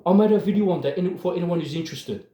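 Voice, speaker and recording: A man's voice: sits high, rapid-fire, dark tone, roomy sound, dull audio, a little hiss or hum. A man giving impassioned religious commentary, emphatic and worked up, often turning to address his listeners directly.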